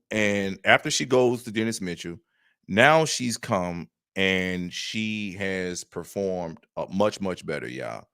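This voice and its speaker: Guy with a lowish voice chatting to his viewers, blunt and conversational, dry close sound. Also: fairly bright tone, no echo. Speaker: online track and field commentator. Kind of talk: casual commentary reading messages aloud.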